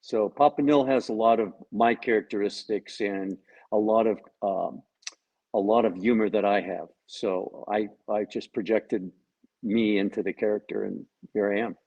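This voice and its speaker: On a video call, a guest actor with a voice on the low side and fairly even intonation speaks at a moderate pace about his role. He's jokey, telling anecdotes that quote other people's lines in a casual interview. The sound is lo-fi.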